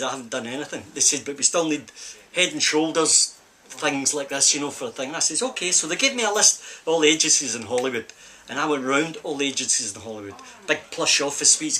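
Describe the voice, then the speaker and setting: Older scottish guy rambling thru an old story, bright sharp voice, bit of faint noise behind. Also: a little high. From Scotland. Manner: rambling anecdotal storytelling with repeated "I says". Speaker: film stuntman. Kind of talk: casual storytelling interview. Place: film set during a break.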